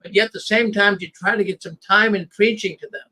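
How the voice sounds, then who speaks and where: Bright-voiced high-pitched man, emphatic. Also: steady tone, brisk, rough recording. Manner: emphatic, repeats words when starting. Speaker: host. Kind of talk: casual conversation.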